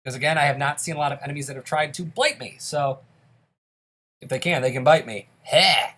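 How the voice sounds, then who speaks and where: A man's voice: fairly high pitch, steady tone, fast talker, a bit bright. A man hosting a let's play, giving casual commentary on his gameplay in an upbeat, chatty way and explaining each choice he makes.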